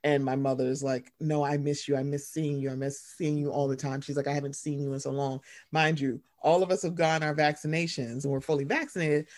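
Rambling, animated young woman. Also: a little fast, few pauses. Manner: rambling, animated, mimics her mother in a high voice. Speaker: podcast co-host. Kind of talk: casual chat and reading a story aloud.

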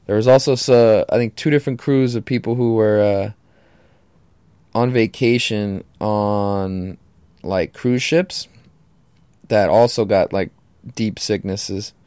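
A man's voice: fairly low pitch, fairly even intonation, slow pace, warm tone, smooth, dry recording. A man hosting a podcast alone, talking casually in a laid-back, slangy, profane way. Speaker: podcast host. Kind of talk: casual solo podcast monologue.

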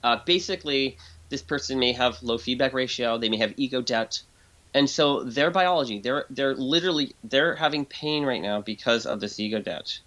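A man with a mid-range voice speaks at normal speed as a guest expert in an interview. His explanations are lively and conversational; he often restarts sentences and acts out voices when quoting people.

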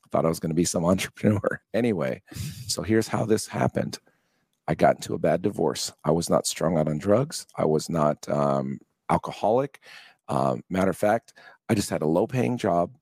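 A low-pitched man in his fifties with a gravelly edge, talking in a relaxed interview. He tells his story with animation, laughs easily and sounds dry and close to the mic. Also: normal speed, no room sound. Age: 50s. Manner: animated, acts out quoted voices, laughs often. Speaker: guest, charity co-founder.

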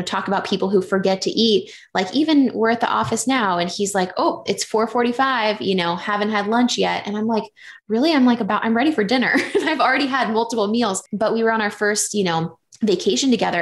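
Young woman, casual podcast guest, candid and animated, mid-range voice. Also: mid-range voice. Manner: candid, animated storytelling with many fillers. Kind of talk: casual personal chat.

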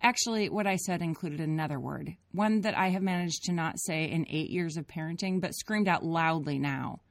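A woman with a low, rich voice reads her own family memoir aloud. She tells it in an earnest, reflective way, like an audiobook. The recording is dry and close, with no room sound. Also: normal speed, vocal fry, dry recording. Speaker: parent narrating her own story.

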